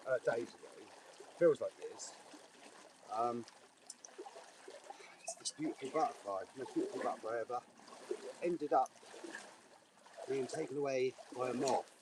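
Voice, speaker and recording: Man vlogging outdoors, mid-pitched, rambling and jokey, frequent restarts, river water running behind. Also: far from the mic, very noisy. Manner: joking, meandering, with frequent restarts.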